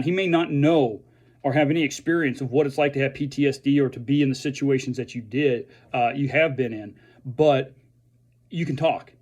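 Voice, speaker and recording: A man who is a veteran speaks earnestly and haltingly to fellow veterans, restarting his sentences often. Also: fairly high pitch, darkish tone. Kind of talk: earnest direct-to-camera message.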